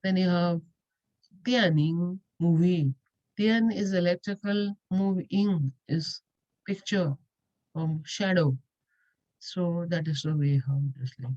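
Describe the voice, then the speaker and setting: A woman with a lowish, mellow voice gives a patient, step-by-step lecture and goes back over her key points. The recording is dull and lo-fi. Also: slow. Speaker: language teacher. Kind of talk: explanatory lecture.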